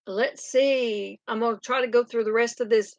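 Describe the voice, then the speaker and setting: A woman's voice: fairly high pitch, fairly even intonation, normal speed, no echo, lo-fi sound. An older woman, hosting a casual live stream chat, reading out comments and rambling through stories. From Oklahoma. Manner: chatty, rambling, laughs often.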